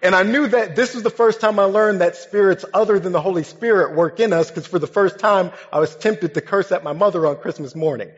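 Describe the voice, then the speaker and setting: Young pastor preaching in a reverberant hall. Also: male voice, high-pitched, brisk, hardly any pauses. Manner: humorous, conversational, lively storytelling. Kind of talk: storytelling sermon. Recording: dull sound with long hall reverb.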